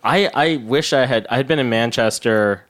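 A man's voice: medium pitch, normal speed, a bit bright. A man co-hosting a podcast in casual chat, asking questions and laughing often. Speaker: podcast co-host.

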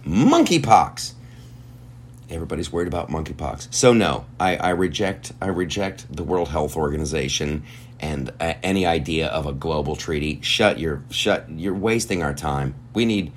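A man's voice: extremely low pitch, slight background noise. A man hosting a podcast, delivering a heated, profane and sarcastic rant. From United States. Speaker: podcast host. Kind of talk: ranting podcast monologue.

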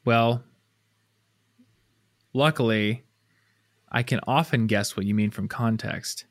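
A man's voice: mid-range voice, slow pace, dry recording, clean studio sound. A man co-hosting a podcast in casual chat, teasing and playful. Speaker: podcast co-host.

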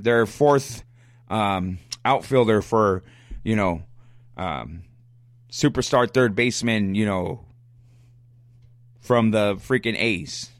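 A man's voice: medium pitch, a bit bright, no echo, clean studio sound. A man hosting a sports fan podcast and answering listener questions in a casual, fired-up way. He is blunt, repeats himself and stammers as he restarts sentences.

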